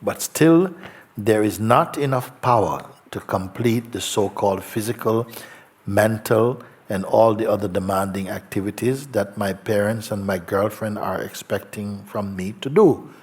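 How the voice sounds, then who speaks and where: Slow, soft-spoken man giving a spiritual talk. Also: fairly low pitch. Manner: slow, gentle, soft-spoken with long pauses. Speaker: spiritual teacher. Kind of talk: satsang talk, reading a letter aloud. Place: outdoor gathering with faint ambience.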